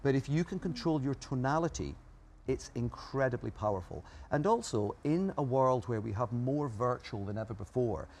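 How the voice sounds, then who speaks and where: In his interview answers, this guest expert lays out his points one at a time and stresses his ideas firmly. He has an animated, mid-range voice with a darkish tone and speaks at a normal pace.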